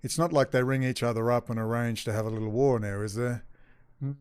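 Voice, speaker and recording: A man's voice: medium pitch, a little fast, a little mellow, clean tone, dry recording. A man hosting a commentary channel, ranting sarcastically over news clips and swearing often. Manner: sarcastic, swearing, mock-frightened asides.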